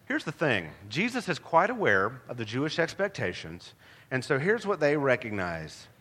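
A man's voice: medium pitch, wildly swooping pitch, normal speed, fairly bright tone. A man preaching a sermon as a pastor, emphatic and full of rhetorical questions. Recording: long hall reverb.

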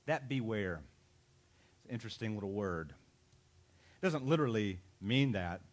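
A man, a pastor, preaching a sermon with emphatic delivery and dramatic pauses. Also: lowish voice, animated.

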